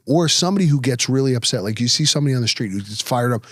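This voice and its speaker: Blunt, profane New podcast host. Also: male voice, medium pitch, racing, hardly any pauses, no echo, studio quality. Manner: blunt, profane, lively storyteller. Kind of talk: casual interview chat.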